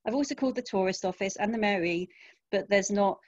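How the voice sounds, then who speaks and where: A woman's voice: medium pitch, a little fast, dry recording, muffled recording, natural voice. A woman voicing a practical, businesslike man who speaks tentatively, in a crime story reading. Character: practical man, measured and professional.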